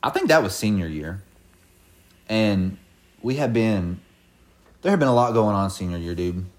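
A man's voice: lowish voice, normal speed. A man in his twenties telling stories in casual chat, swearing freely and laughing as he goes. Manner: profane, animated storytelling with laughs. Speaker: podcast co-host telling stories.

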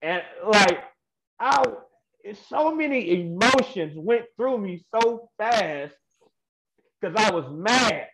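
Animated wrestler telling a slangy story. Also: male voice, a little high, noisy background. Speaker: guest wrestler. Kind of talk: casual storytelling interview.

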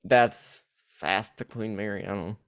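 A man's voice: on the low side, fairly even intonation, unhurried, fairly bright tone, clear, resonant tone. A man with a Southern US accent co-hosting a podcast, talking casually with restarts and blunt swearing. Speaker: podcast co-host. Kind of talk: casual chat.

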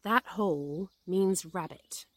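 A woman's voice: lowish voice, takes it slowly, a bit bright, dry recording, clean studio sound. A woman voicing a friendly, hungry, simple-minded male bear in a storybook reading, earnest and polite. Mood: eager.

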